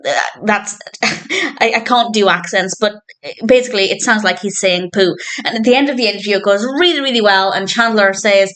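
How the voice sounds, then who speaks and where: A woman's voice: mid-range voice, normal speed, a bit bright. A woman talking through a TV episode as a reviewer, in an enthusiastic, chatty way and often laughing. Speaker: film and TV reviewer. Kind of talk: casual spoken episode review.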